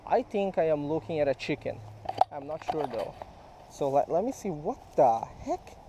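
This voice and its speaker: Fishing outdoors beside a creek, a man talks casually to his viewers, addressing them directly in chatty vlog narration as he goes. His slightly high voice has lively intonation and a moderate pace, and the recording is very noisy.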